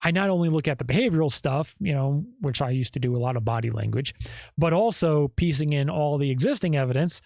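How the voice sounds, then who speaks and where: A man's voice: on the high side, expressive, quick pace, creaky, darkish tone, no room sound, clean studio sound. A male podcast host giving emphatic casual commentary and often tagging his points with "okay?" or "right?".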